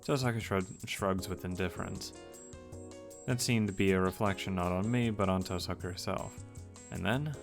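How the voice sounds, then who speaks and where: A man's voice: low voice, normal speed, gravelly, over music. A man reading a visual novel aloud for a let's play, breaking in with playful joking asides. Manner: playful, joking commentary between read lines.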